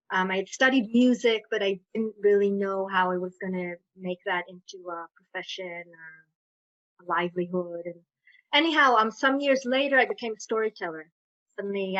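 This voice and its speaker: An Israeli woman with an American accent, a storyteller guest telling a personal story in an interview over a video call, in an animated, playful way. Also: medium pitch. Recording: muffled lo-fi audio.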